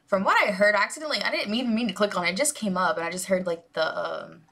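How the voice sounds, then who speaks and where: A woman's voice: medium pitch, fast talker, pushed and bright. A woman hosting a music reaction video, gushing and rambling with lots of fillers. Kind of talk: casual music reaction commentary.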